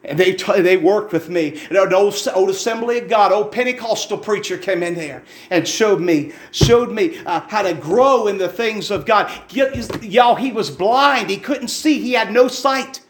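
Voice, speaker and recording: A man's voice: high-pitched, moderate pace, hardly any pauses, roomy sound. A man preaching a fervent, folksy testimony sermon in a church, repeating his phrases for emphasis.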